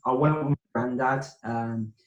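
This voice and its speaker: A man's voice: medium pitch, steady tone, normal speed, lo-fi sound. A man in his thirties with an English accent, a guest answering questions in an easygoing, thoughtful way with some hesitations. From England. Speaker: interview guest. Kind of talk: casual video interview. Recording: roomy echo.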